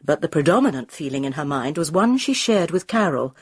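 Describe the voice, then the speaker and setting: A woman reading a village mystery aloud with measured storytelling. Her voice is husky and her pitch moves a lot. The recording is dry and close. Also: big pitch swings, no room sound. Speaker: audiobook reader. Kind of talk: scripted narration.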